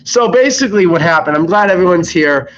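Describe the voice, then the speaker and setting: A young man, sick, telling rambling, exasperated stories about his fast-food job on a live stream, swearing constantly. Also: sits high, animated. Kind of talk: casual live-stream storytelling. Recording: slightly dull lo-fi mic with faint noise.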